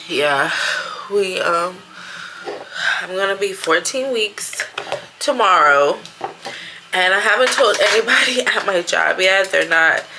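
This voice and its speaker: A woman's voice: lowish voice, bright, forceful tone, slight background noise. A woman in her thirties telling a personal story in a casual vlog, chatty and acting out what people said. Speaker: vlogger.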